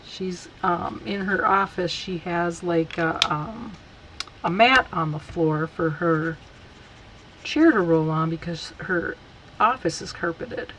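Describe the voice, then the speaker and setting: A woman teaching a casual stamping tutorial, chatty and unhurried as she talks while working. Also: fairly low pitch, fairly bright tone, a little hiss or hum, poor audio. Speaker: card-making instructor.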